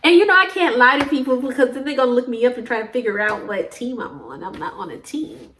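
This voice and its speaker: Young Southern woman, high voice, rambling casual vlog chat, laughs a lot. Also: animated, fast, background noise. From Southern United States. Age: young adult. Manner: rambling, jumps from topic to topic, laughs often. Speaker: vlogger. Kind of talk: casual chatty monologue.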